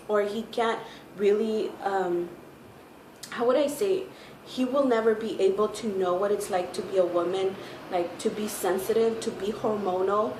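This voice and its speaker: A woman's voice: medium pitch, fairly even intonation, normal speed, a little mellow. A heavily pregnant woman chatting casually to her viewers, full of "like" and "you know". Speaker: vlogger. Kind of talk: casual storytime. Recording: echoey room with faint noise.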